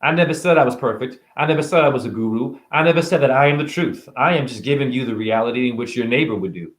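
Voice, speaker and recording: A man's voice: mid-range voice, fast, echoey room. A man ranting to camera about spirituality, sarcastic and profane. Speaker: vlogger.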